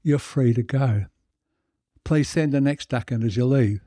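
A man's voice: mid-range voice, unhurried, mellow, dry recording, clean studio sound, close to an everyday voice. A man doing an exasperated joke judge.

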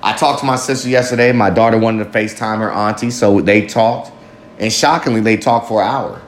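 A man's voice: lowish voice, fairly even intonation, fairly quick, slight background noise. A man talking candidly to camera in a rambling, self-reflective monologue, swearing freely and often laughing at himself. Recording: roomy echo with faint ambience.

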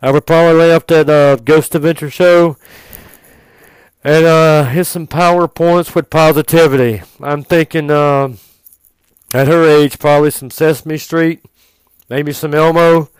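A man voicing a hesitant vet who fumbles through his advice with many ums and uhs, louder than his own voice. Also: fairly high pitch, fairly even intonation, smooth, dry recording, voice pushed up, close to an everyday voice, rough recording. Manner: halting, full of ums and uhs. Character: hesitant male veterinarian, fumbling and mild.

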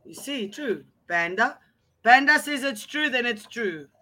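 A playful woman co-hosting a casual live stream, greeting viewers in silly voices. Her voice is bright and high, with a lively pitch. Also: unhurried. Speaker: livestream co-host.

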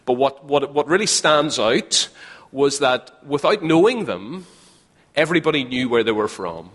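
A man's voice: mid-range voice, expressive, normal speed, a bit bright. A man with a Northern Irish accent preaching a sermon to a live audience, chatty and joking, often repeating his phrases. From Northern Ireland. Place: large hall with a live audience. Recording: long hall reverb.

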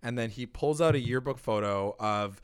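A man with a smooth, clear voice, chatting casually as a podcast co-host. He tells the episode in an animated way, slipping into characters' lines and swearing freely. His pitch sits in a middle range. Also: normal speed. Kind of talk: casual chat.

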